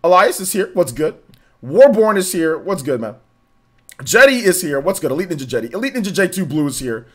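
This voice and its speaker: A man streaming a game, chatting casually and giving shout-outs to viewers, his voice a little worn and still recovering. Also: sits high, sing-song, a little fast, breathy edge. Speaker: gaming streamer. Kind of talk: live stream chat, greeting viewers.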